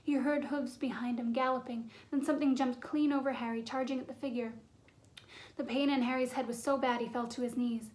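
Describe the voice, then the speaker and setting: A woman narrating a fantasy novel as an audiobook, in a measured, suspenseful storytelling manner. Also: sits high, fairly even intonation, darkish tone. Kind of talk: storybook reading.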